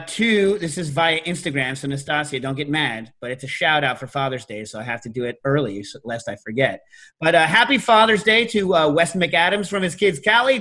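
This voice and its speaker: A middle-aged man hosts a casual chat with a rather high voice. He talks with animated storytelling energy and sometimes jumps to loud, high-pitched imitations. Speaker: podcast host.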